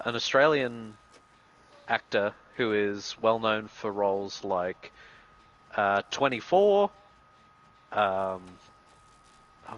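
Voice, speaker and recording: A man's voice: lowish voice, fairly bright tone. A man co-hosting a game stream, animatedly sharing game trivia over a dull lo-fi microphone. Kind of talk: casual game commentary. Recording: dull lo-fi mic.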